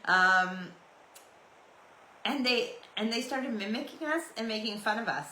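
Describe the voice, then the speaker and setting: A woman's voice: fairly high pitch, measured pace, sharp tone, reverberant, a little hiss or hum, low-quality recording. A Canadian woman in her forties hosting a podcast, rambling through stories in a chatty, meandering way. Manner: chatty, meandering, loose and storytelling. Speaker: podcast host. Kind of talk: rambling solo podcast chat.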